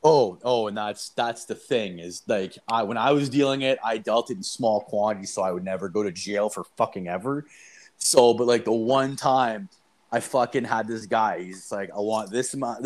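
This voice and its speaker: A man's voice: lowish voice, normal speed. A young man telling a story in casual chat, rambling and swearing with lots of fillers.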